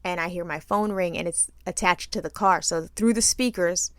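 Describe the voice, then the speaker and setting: A woman co-hosting a podcast, telling an animated, laughing story in casual chat and swearing freely. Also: lowish voice, normal speed, no room sound, clean studio sound. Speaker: podcast co-host.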